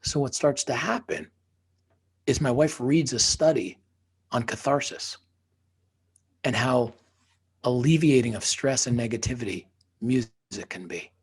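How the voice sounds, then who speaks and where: A man's voice: medium pitch, unhurried, pauses often, breathy edge. A man who is a podcast guest and author, telling a personal story emphatically, sometimes dropping into a whisper for effect.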